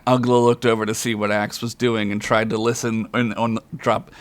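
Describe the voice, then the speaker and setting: A man's voice: little pitch movement, moderate pace, no room sound. A man reading a comedic fantasy story aloud on a podcast, chuckling often as he goes. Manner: reads aloud with frequent chuckles, loud high character voices.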